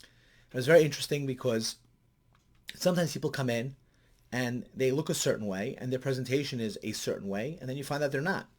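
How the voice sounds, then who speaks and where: A middle-aged man, a counselor, giving commentary in a vlog and telling stories animatedly, his voice climbing high when he gets excited. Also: a little fast.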